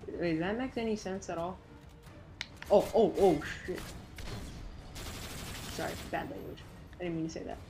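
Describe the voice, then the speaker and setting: A woman with a notably deep voice for her sex talks over live gameplay, jumpy and excitable. She fires off quick exclamations and swaps swearing for silly made-up oaths. A faint hiss sits under her voice. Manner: self-censoring, silly minced oaths. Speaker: gameplay commentator.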